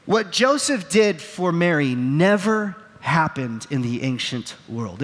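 A man's voice: on the high side, big pitch swings, normal speed, hardly any pauses, long reverb tail. A man preaching a sermon from a stage with a microphone, telling stories with acted quotes in an earnest, self-deprecating way. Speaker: pastor. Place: on a stage in a large hall. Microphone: wearing a microphone.

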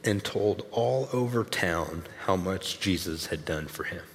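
Casual preacher in a reverberant hall. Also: male voice, sits low, animated, measured pace, slight background noise. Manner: conversational, emphatic, casual asides. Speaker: pastor. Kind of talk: sermon. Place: large church hall with audience.

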